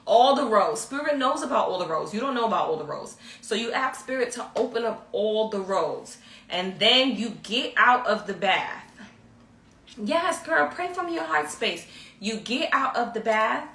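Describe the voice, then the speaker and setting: A woman's voice: on the high side, expressive, moderate pace, a bit bright. A woman teaching a spiritual ritual to viewers, emphatic and repetitive, often checking in with "okay?". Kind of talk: instructional talk to viewers. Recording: echoey room, mic at a distance.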